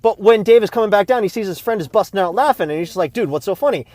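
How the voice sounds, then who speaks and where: A man telling a joke in a lively way, switching his voice for each quoted character. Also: high voice, very fast, no room sound. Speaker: joke teller.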